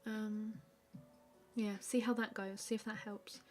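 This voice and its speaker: Woman, live-stream art host, relaxed rambling chat, mid-pitched voice. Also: unhurried, soft background music. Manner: relaxed and chatty, many fillers, answers viewer questions. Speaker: artist hosting a live stream. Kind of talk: casual chat while drawing.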